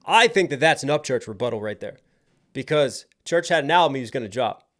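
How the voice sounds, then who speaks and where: A man's voice: medium pitch, fairly quick. Young man doing a rap reaction. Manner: animated, breaks down rhymes and flow. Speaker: rapper reacting to music. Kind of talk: casual music reaction commentary.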